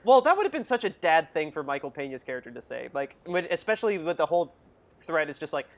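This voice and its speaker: Casting: chatty, giggly film podcaster who acts out scenes, mid-pitched voice. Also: sing-song, fast talker, muffled recording. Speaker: movie review podcast co-host. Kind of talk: casual chat.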